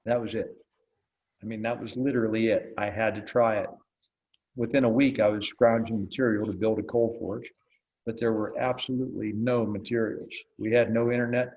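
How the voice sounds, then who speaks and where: Here the same kind of speaker, an older male blacksmith in an interview, tells easygoing tales in a dry, folksy manner, voicing the characters' lines himself. He talks at a normal pace in a lowish, steady tone, and the recording is dull.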